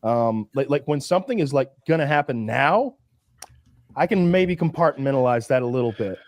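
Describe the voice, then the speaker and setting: A man's voice: mid-range voice, expressive, normal speed, dry recording. A man hosting a podcast, telling long, rambling stories in casual chat and swearing freely. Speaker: podcast host.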